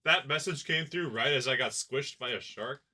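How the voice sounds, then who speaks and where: A man commentating his own gameplay as a streamer, swinging from excited yelling to sarcastic grumbling. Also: mid-range voice, moderate pace. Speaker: gaming streamer. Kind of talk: let's play commentary.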